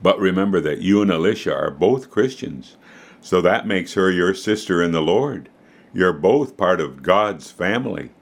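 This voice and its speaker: Storybook mom, calm and patient, low plain voice, read by a man. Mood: gentle. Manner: calm, measured advice. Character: patient, gentle mother.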